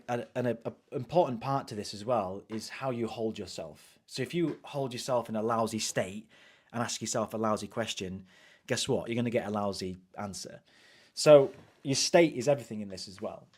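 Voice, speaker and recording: A man's voice: mid-range voice, darkish tone. A man with a British accent giving a casual live coaching talk, conversational and repetitive, often saying "you know". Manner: conversational, repeats phrases, frequent "you know".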